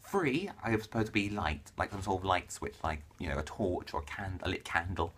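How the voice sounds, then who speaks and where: A young man from England talks to camera about books in a chatty, jokey way. His voice is somewhat low and husky, and his pitch swings widely as he riffs and corrects himself. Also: animated, a little fast, hardly any pauses, a bit bright. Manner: chatty, jokey, self-interrupting. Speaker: book vlogger. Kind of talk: casual vlog chat.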